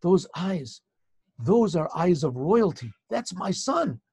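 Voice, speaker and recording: Man doing an old king who finds his son, gravelly, kinda high voice. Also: sing-song, takes it slowly, a little mellow, heavily acted. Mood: moved. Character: aging grieving king finding his son.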